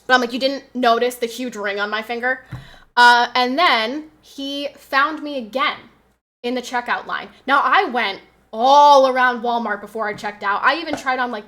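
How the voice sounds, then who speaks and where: Bright-voiced chatty woman streamer. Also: fairly high pitch. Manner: chatty rambling storytelling with fillers and swearing. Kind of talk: casual livestream chat. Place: home streaming setup.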